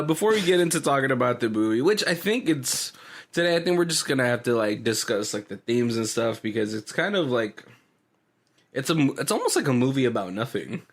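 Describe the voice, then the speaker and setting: Man, podcast co-host, lively pitch, quick to laugh, casual movie talk. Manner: animated, laughs often, many restarts. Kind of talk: casual movie commentary chat.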